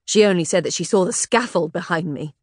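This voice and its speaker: A woman's voice: on the low side, brisk, a little mellow, slightly rough, no echo, studio quality. A woman voicing a falsely cheerful, uneasy Tudor nobleman in an audiobook. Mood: bluff. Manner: bluff, hasty.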